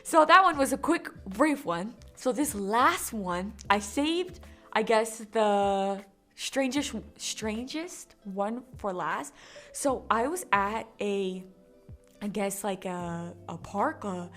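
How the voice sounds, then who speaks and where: A woman telling a casual story-time vlog, speaking in an animated, candid way. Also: medium pitch, takes it slowly, soft background music. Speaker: vlogger.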